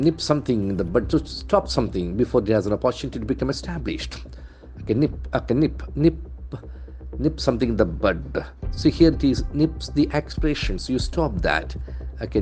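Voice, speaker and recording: Low-voiced teacher. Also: male voice, darkish tone. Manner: slow, repetitive, spells out and stresses words. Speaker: English language trainer. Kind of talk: vocabulary lesson from newspaper headlines.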